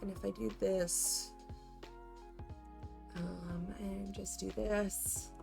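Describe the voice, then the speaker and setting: Slow-talking Canadian woman streamer. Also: mid-range voice, flat delivery, vocal fry, over music. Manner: rambling, chatty, lots of fillers. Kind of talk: casual chat with viewers.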